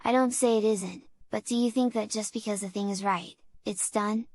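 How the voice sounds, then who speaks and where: A woman reading aloud and voicing a tall, calm old male traveling showman with a foreign accent. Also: medium pitch, normal speed, dry recording, lightly acted. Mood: cool. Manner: calm, quietly shrewd.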